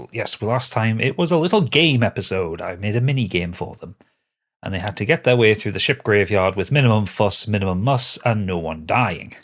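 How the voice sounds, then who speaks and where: A man's voice: fairly low pitch, fairly bright tone. A man running a tabletop game as game master, trading teasing, sweary banter with his players. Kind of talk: casual tabletop game narration.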